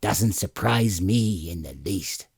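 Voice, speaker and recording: A man voicing an ancient, ghostly great-grandfather who snaps out slow, clipped, contemptuous remarks in an audiobook reading. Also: deep voice, expressive, vocal fry, breathy edge, no echo, studio quality, full character voice. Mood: scornful, stern. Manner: snapping, scornful, slow and clipped. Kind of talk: audiobook character voice.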